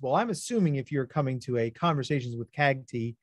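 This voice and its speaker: A man presenting an educational webinar as a clinical psychologist, talking with high energy. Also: fairly quick, dry recording.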